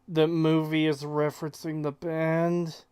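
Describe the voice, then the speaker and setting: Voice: mid-range voice, level tone, a little slow, a little mellow, clean tone. A podcast co-host in casual chat, quizzical and sarcastic, with some swearing.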